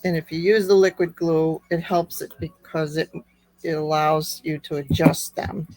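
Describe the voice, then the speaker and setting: A woman with a slightly squeaky voice, chatting through a card-making tutorial step by step. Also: little pitch movement, a little mellow, no room sound, rough recording. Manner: unhurried, chatty step-by-step explaining. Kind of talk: craft tutorial narration.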